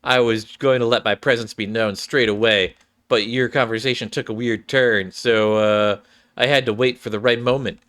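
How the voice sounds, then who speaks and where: A man's voice: mid-range voice, steady tone, moderate pace, fairly bright tone, close to an everyday voice. A brash girl fighter who talks bluntly and scolds without holding back, read by a man in his own ordinary voice. She sounds defensive and sure of herself. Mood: scolding.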